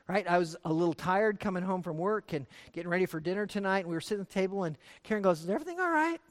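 Preacher in an echoing hall. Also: male voice, high voice. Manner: emphatic preaching, swings between soft asides and loud exhortation. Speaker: pastor. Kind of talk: sermon.

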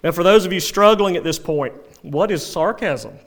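A male pastor preaching a sermon, animated, with dry sarcastic asides. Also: high-pitched, moderate pace.

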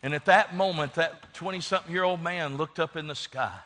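A man's voice: a little high, brisk, pushed and bright. A man preaching a sermon, telling a story with fervent, emphatic delivery and acted-out dialogue. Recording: long reverb of a large hall.

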